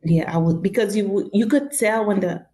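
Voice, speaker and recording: A woman's voice: medium pitch, normal speed. A woman with a Haitian-influenced accent, a guest chatting casually and acting out little quoted exchanges. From New York. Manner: expressive, acts out quoted exchanges. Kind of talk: casual conversation.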